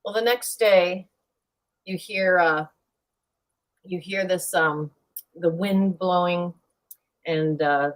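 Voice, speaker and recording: Playful woman on a live show telling a shaggy dog joke, lowish voice. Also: takes it slowly, pauses often. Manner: playful, lively storyteller. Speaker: guest. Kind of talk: casual chat, telling a joke.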